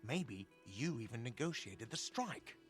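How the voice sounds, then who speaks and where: A man's voice: medium pitch, big pitch swings, measured pace, soft background music. An actor voicing a whiny, sarcastic male hostel manager in a video game. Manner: sarcastic, irritable.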